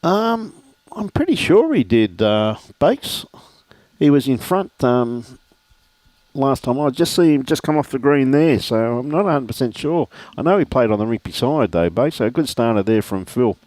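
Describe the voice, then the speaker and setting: A man's voice: medium pitch, animated, moderate pace, darkish tone, dry recording. A middle-aged man with an Australian accent, commentating a lawn bowls livestream in a chatty, matey way and greeting viewers by name. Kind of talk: relaxed live commentary with viewer shout-outs.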